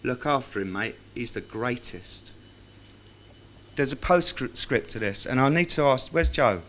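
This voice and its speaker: A man's voice: medium pitch, animated, measured pace, a bit bright, slight background noise. Wry man telling stories to a club crowd. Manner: wry, self-mocking storyteller. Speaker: speaker at a tribute evening. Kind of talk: anecdotes and recited tribute poem. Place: club function room with live audience.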